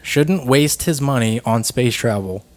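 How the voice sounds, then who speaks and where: A man's voice: mid-range voice, unhurried. A young man co-hosting a podcast in a laid-back, casual chat full of "like" and "dude". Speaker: podcast co-host. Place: from Phoenix.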